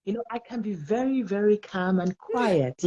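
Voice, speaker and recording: A woman with a Nigerian English accent, talking in a casual panel conversation as an expressive, laughing storyteller. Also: medium pitch, normal speed, highs cut off. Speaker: panel guest.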